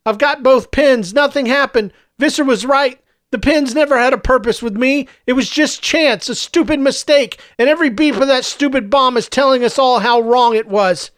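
Desperate young guy, raised pitch, sobbing pleas, as a man puts him on, crisp. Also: steady tone, moderate pace, few pauses, no room sound, studio quality, close to an everyday voice. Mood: despairing. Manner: shouting then sobbing.

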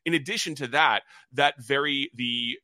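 A man co-hosting a wrestling preview in a measured, articulate voice that often pauses on "uh". His tone is bright and forceful, and the recording is close and dry with almost no room sound. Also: medium pitch, no echo. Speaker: wrestling podcast co-host. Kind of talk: casual preview chat.

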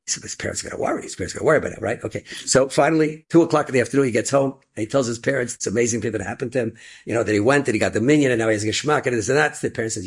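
A man telling an inspirational story in animated storytelling, sprinkling Yiddish and Hebrew words. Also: mid-range voice, racing, husky.

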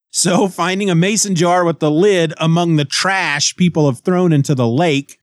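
A man hosting a comic book podcast, recapping and reviewing an issue in a casual, animated way with chuckles. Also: on the high side, dry recording, clean studio sound.

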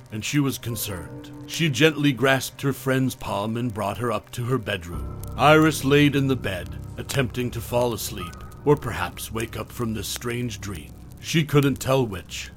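A man giving a measured, scripted narration of a horror story. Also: medium pitch.

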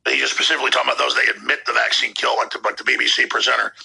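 A man's voice: mid-range voice, flat delivery, vocal fry, bright, forceful tone, breathy edge, rough recording. A man hosting a show, delivering heated, sarcastic commentary between played clips. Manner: heated, sarcastic, rapid rants. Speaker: show host.

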